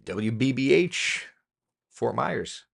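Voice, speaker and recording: Lively chatty male weather host. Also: medium pitch, slow, creaky. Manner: chatty, talks to the computer in mock frustration. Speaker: TV meteorologist hosting a live stream. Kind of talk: casual live weather chat.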